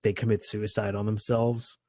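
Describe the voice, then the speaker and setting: A man's voice: lowish voice, level tone, moderate pace, a little mellow, no room sound, clean studio sound. A man co-hosting a casual movie podcast, joking and rambling with lots of filler words. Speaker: podcast co-host. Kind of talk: casual chat.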